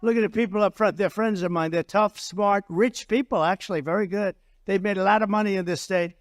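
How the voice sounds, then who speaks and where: A man's voice: high voice, fairly even intonation, fairly quick, no echo, clean studio sound. An older man giving a campaign rally speech, rambling and repeating himself with boastful asides. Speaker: political candidate. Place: political rally stage.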